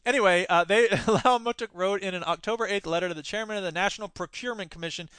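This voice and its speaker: Man, podcast host, sarcastic, animated, high bright voice, dry sound. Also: fast talker, clean tone, no echo. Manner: sarcastic, animated, argues with himself. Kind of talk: solo news commentary podcast.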